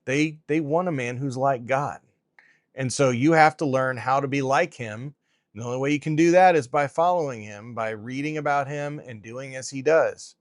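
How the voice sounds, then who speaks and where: A man's voice: mid-range voice, no echo, studio quality. A man hosting a commentary in a preaching style, emphatic and repeating phrases for stress. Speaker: host.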